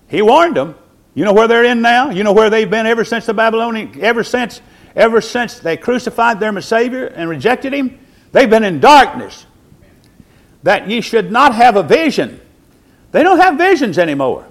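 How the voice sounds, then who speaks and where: A male preacher, delivering a sermon with slow, deliberate emphasis, swinging from quiet, low lines to loud, high cries. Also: big pitch swings.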